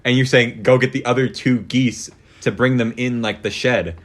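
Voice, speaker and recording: Teen male host, casual, jokey storyteller, mid-pitched and easygoing. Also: steady tone, normal speed. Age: teens. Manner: joking storyteller, mimics his mom in a high voice. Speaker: podcast host. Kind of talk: casual family chat.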